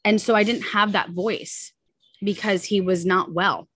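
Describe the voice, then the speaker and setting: A woman in her thirties, a podcast guest, candidly telling a personal story in quick, casual talk full of "like" and "you know". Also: mid-range voice, steady tone, a bit bright, husky.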